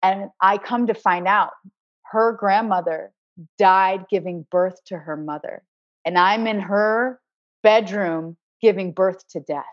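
A woman's voice: medium pitch, takes it slowly, no echo. A woman guest on a podcast who works as an acupuncturist, telling a personal healing story in an earnest, spiritual way and often repeating words as she searches for them. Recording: dry, slightly dull recording.

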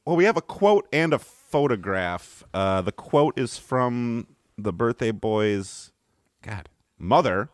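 A man's voice: medium pitch, lively intonation, takes it slowly, no room sound, studio quality. A man co-hosting a comedy podcast, reading a news story aloud with wry, mock-serious asides. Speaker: podcast co-host.

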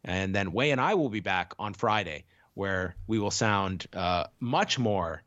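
A man co-hosting a casual chat podcast while sick, talking in a measured, thoughtful way. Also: low-pitched, animated, a bit bright, dry recording, dull audio. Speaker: podcast co-host.

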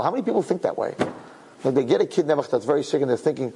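Guy with a high gravelly voice telling an emotional story, repeats himself a lot, big echoey hall. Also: wildly swooping pitch, quick pace, mellow. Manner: emotional, repeats words for emphasis. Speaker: religious speaker. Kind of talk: inspirational storytelling talk. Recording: long hall reverb.

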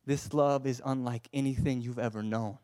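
A man's voice: medium pitch, steady tone, moderate pace, no echo. Passionate male preacher, dry close sound. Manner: passionate, swings from hushed to emphatic, repeats words when stirred. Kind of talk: sermon.

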